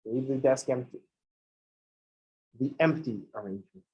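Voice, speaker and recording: A man's voice: mid-range voice, measured pace, dull audio. A male math instructor lectures in a loose, conversational way. He wanders off into joking asides before getting back to the lesson. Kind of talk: casual classroom lecture.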